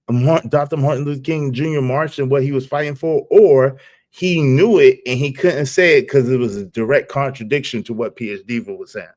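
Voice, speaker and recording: Brief: a man livestream host, casual slangy commentary, animated reactions. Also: medium pitch. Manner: animated, slangy, laughs at clip.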